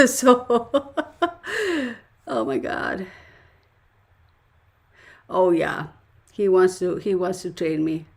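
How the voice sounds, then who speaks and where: A woman's voice: on the low side, lively intonation, slow pace, vocal fry, long pauses. A woman hosting a casual livestream, chatting, reading viewer comments aloud and laughing often. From United States. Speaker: tarot channel host.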